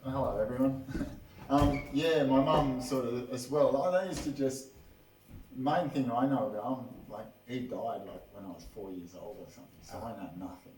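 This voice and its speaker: A man's voice: medium pitch, moderate pace, darkish tone. A man chatting casually and hesitantly, rambling with small laughs. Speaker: audience member at poetry night. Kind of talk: casual chat. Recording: echoey room, mic far off, noise.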